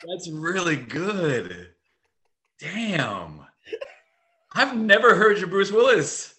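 A man in casual, animated chat, swearing easily and laughing often. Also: high-pitched, extremely slow, background noise.

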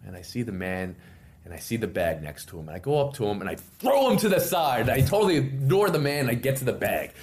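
A man's voice: mid-range voice, fairly quick. A middle-aged man, a podcast guest, telling a long story with lots of energy and putting on voices for the people in it. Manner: lively, theatrical, acts out other people's lines. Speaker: interview guest. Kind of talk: animated storytelling.

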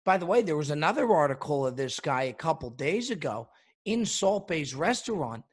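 A man with a husky, slightly high voice rants in mock outrage, hosting a comedy show. He keeps piling on the indignation with exaggerated complaints. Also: big pitch swings, moderate pace. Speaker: comedic host. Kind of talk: comedic rant.

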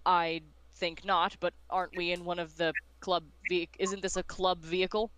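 A woman's voice: on the low side, flat delivery, moderate pace, a bit bright, clear, resonant tone, dry recording, lightly acted. A woman voicing a confident, sardonic woman investigator in a tabletop game. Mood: wry. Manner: wry, self-assured.

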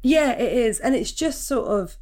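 A woman's voice: on the high side, lively intonation, moderate pace, warm tone. A woman comedian hosting a podcast interview, chatty and jokey. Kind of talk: casual interview chat.

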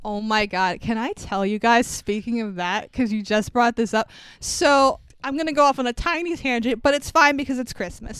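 A woman hosting a casual movie review podcast, animated and laughing often, swearing freely. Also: high voice, clean tone, no room sound. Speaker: podcast host.

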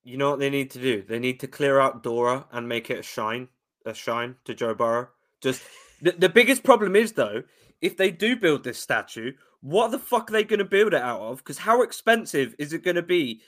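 A man's voice: medium pitch, expressive, moderate pace, fairly bright tone. A brash, profane man in casual sports talk, calling everyone "bro" as a co-host.

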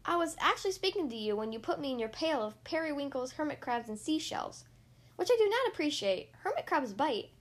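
A woman's voice: high-pitched, sing-song, fairly quick. A woman reading aloud, voicing a tiny shy female mermaid who talks primly and stammers.

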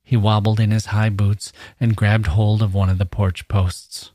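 Deep-voiced man reading fiction. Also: little pitch movement, a little slow, warm tone, dry recording, clean studio sound. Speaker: narrator. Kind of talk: literary reading.

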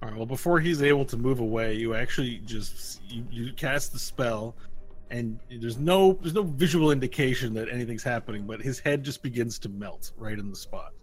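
A man running a tabletop game as game master, narrating in a rambling, animated way with restarts. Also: mid-range voice, moderate pace, poor audio.

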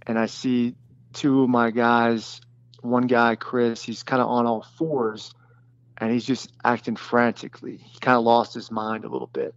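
A man who was a detachment commander, recounting a battle in plain, halting speech with many fillers and restarts. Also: mid-range voice, level tone, dry recording, muffled recording. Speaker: former special forces detachment commander. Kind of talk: recounting a combat story in an interview.

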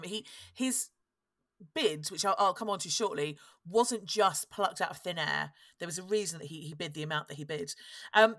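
Female podcast host, wry storyteller, medium pitch, dry close mic. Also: fairly bright tone, dry recording. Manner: chatty, wry, self-interrupting. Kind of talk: casual storytelling chat.

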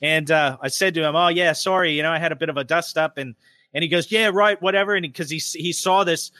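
A man on a casual podcast telling a profane, animated story about his past, with lots of restarts and swearing, in a studio. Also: on the high side, fast talker, no echo. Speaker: podcast guest. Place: radio studio. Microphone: studio microphone.

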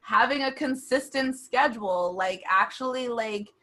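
A woman's voice: fairly high pitch, a little slow, a bit bright. A young woman in casual podcast chat, talking freely with lots of "like" and frequent laughs. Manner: chatty, laughs often, peppers speech with "like".

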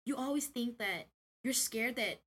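A woman guest on a podcast, telling a story in casual chat, animated, slangy and full of swearing. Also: on the high side, a little slow, husky.

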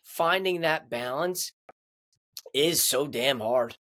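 A man's voice: mid-range voice, slow, pushed and bright. A man hosting a golf podcast, talking in a loose, candid way and swearing casually. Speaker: podcast host.

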